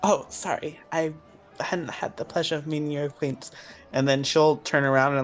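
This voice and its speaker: A man's voice: fairly high pitch, steady tone, moderate pace. A man playing a tabletop game over online voice chat, speaking in character with polite, formal phrasing. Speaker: player.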